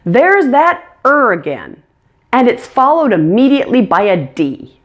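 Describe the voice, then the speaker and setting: A woman's voice: a little high, wildly swooping pitch, measured pace. A woman teaching English pronunciation, speaking carefully and demonstrating each sound. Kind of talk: pronunciation lesson.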